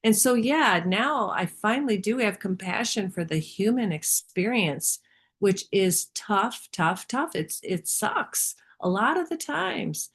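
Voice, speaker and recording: A woman's voice: medium pitch, very animated, slow, slightly rough. A woman sharing candidly in a spiritual study group, rambling and self-reflective.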